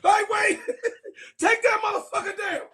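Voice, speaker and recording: A man voicing frantic voting-page staffers who shout in panic to take the page down. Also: fairly even intonation, unhurried, noisy background. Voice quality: shrill, shouting, breaking into laughter.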